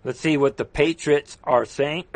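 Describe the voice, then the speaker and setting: A man hosts a livestream in a slightly high voice, keeping a steady tone and measured pace in a dry recording. Even so, his political commentary is heated and impassioned: he rants, strains his voice, reads comments from viewers, and repeats rallying calls.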